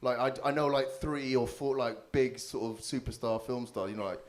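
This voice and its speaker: Here a man speaks at normal speed in a medium pitch while hosting live comedy. He uses a handheld stage mic at a venue with an audience, doing stand-up crowd work full of crude, cheeky teasing.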